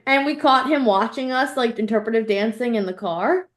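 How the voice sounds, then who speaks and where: Her pitch sits fairly high as this young podcast co-host keeps the conversation casual. She's lively and quick to break into laughter.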